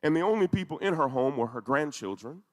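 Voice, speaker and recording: A man speaks quickly to a congregation in a fairly high voice with lively intonation, telling an emotional, intense story with mounting emphasis. The sound echoes as in a hall.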